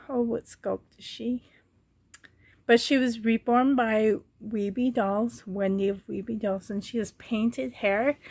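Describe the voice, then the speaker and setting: A woman giving a casual show-and-tell vlog at home, speaking gently and fondly with frequent pauses and a slightly hoarse throat. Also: mid-range voice, dry recording. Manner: gentle, pausing often, fond and chatty. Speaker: doll collector vlogger.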